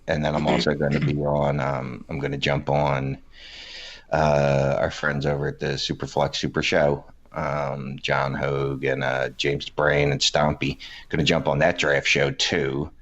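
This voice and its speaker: A man co-hosting a podcast in casual chat, joking and teasing deadpan. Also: rumbling low, measured pace. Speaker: podcast co-host. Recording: dull lo-fi sound.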